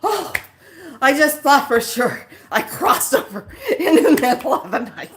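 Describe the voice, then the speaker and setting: A woman acting out her older mother, who wakes in the dark and fears she has died, in a high, fretful voice. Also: sing-song, a little slow. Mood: sheepish.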